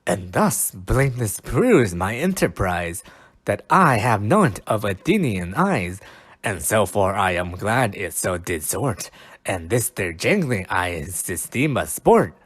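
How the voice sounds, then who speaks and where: A man cold-reading the lines of a mischievous male fairy sprite from old verse, slowly and carefully, stumbling over the old words. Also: on the low side, big pitch swings, slightly rough, exaggerated voice.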